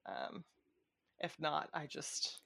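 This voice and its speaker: Low gravelly woman chatting casually. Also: fairly even intonation, slow, pushed and bright. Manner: casual, swears, laughs often. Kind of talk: casual political chat.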